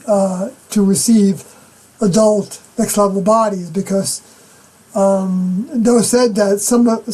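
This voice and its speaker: Mellow-voiced, halting middle-aged woman. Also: mid-range voice, poor audio. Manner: halting, with frequent throat-clearing and fillers. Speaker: religious speaker giving personal testimony. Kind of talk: unscripted scripture commentary monologue.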